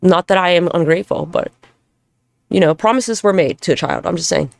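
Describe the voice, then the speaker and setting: A woman with a lowish, creaky voice talks a little fast in a solo podcast monologue, with no echo on the recording. As host, she's candid, rambling and profane, with plenty of self-deprecating humor.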